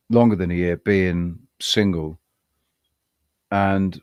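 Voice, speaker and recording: A man co-hosting a podcast, telling a personal story in a rambling, halting way with frequent restarts. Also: deep voice, darkish tone, smooth, dry recording, clean studio sound. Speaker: podcast co-host. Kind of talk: casual chat.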